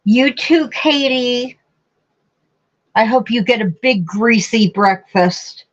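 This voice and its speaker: Slow-talking, emotional woman livestream host. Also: fairly high pitch. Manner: warm, emotional, talks to viewers as honey. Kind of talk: casual chat reading viewer comments. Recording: dull lo-fi stream audio.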